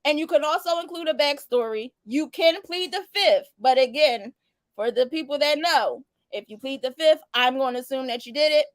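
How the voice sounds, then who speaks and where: High-voiced laughing woman host. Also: normal speed, no echo. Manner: laughing, playful, teasing. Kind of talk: casual live-stream chat reading viewer answers.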